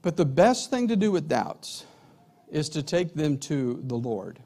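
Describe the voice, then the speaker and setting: Middle-aged male preacher, slightly higher voice, animated storyteller. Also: unhurried. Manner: animated storyteller, acts out dialogue. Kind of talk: sermon.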